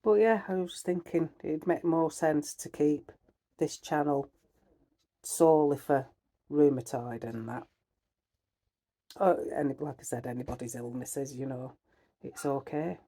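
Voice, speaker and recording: A woman's voice: sits low, unhurried, pauses often, mellow. A middle-aged woman with a Northern English accent, chatting bluntly to camera in a rambling way, full of fillers. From Northern England. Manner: heated, ranting. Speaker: vlogger. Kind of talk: casual chat to camera.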